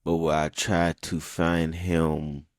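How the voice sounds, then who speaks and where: A man with a very low, gravelly voice argues in a casual podcast debate. He is blunt and profane and stammers as he restarts. The sound is dry and close. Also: flat delivery, slow, dry recording. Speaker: podcast co-host.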